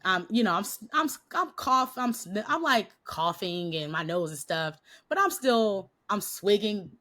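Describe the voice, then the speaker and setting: Bright-voiced woman telling a story. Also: mid-range voice, a little slow. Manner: animated, laughing often, acts out quotes. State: slightly nasal from a cold. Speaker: podcast guest, Christian coach. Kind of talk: casual storytelling interview.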